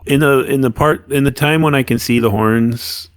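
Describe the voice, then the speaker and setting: A man playing in a tabletop game, asking questions and describing his character's actions deliberately. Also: mid-range voice, clean tone. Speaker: player. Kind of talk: casual tabletop play.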